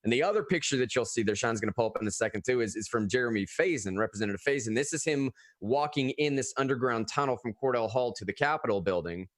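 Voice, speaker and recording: A man talking casually about politics as a podcast co-host, animated and often restarting his phrases. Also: mid-range voice, fast talker, hardly any pauses, no echo, clean studio sound.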